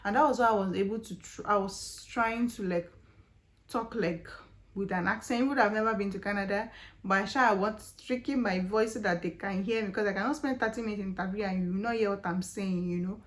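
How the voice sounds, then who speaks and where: Speaking briskly in a steady, mid-range voice, a young Nigerian-accented woman tells a story on her casual vlog. She's animated and chatty, leaning on fillers and rhetorical questions.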